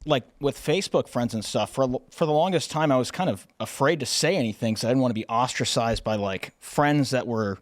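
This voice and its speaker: A man chimes in on a political talk show, talking casually and a bit hesitantly, leaning on fillers. His voice is mid-pitched and comes through dry and close on the mic. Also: fairly quick, hardly any pauses, no room sound. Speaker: co-host.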